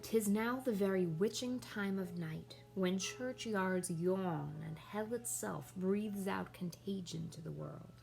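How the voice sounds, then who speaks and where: A woman's voice: medium pitch, slow, creaky, hardly any pauses, darkish tone, faint music behind. A woman reading the lines of a brooding young prince, declaiming the verse with rising intensity.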